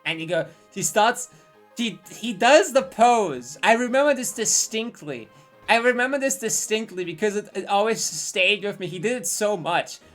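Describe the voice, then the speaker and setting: A woman's voice: medium pitch, moderate pace, fairly bright tone, faint music behind. A woman in her twenties telling a rambling, profane story on a live stream and drifting into tangents.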